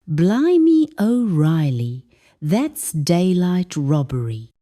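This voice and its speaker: A cheerful, busy mum of young kids, put on by a woman narrator. She exclaims in a slow, mellow voice that leaps up and down in pitch. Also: sing-song. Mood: cheery.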